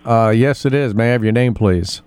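A man's voice: medium pitch, fairly quick, a little mellow, clear, resonant tone. A man hosting a casual local radio show, chatting in a rambling way with many fillers and restarts. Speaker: radio host. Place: radio studio.

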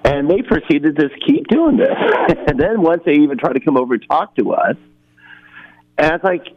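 A man's voice: on the high side, big pitch swings, normal speed, no echo. A male caller telling a rambling, exasperated story on a phone-in show, chuckling now and then. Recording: muffled phone line.

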